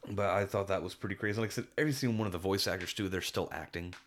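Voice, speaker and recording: A man with a low voice races through a casual podcast chat as co-host, sounding enthusiastic while he rambles and keeps restarting his sentences.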